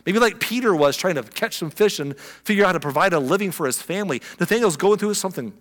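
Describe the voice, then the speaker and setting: A man preaching a sermon, telling a story with lively expression and acting out the people in it. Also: sits high, fast, big-room sound. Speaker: pastor.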